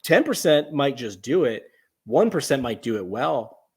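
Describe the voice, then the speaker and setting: A man who is a podcast guest, chatting casually and lively, telling stories and asking rhetorical questions. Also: medium pitch, measured pace, breathy edge.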